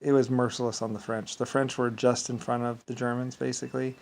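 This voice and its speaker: A man telling a story in a rambling casual monologue, full of halting restarts and repeated filler words. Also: mid-range voice, little pitch movement, darkish tone, poor audio.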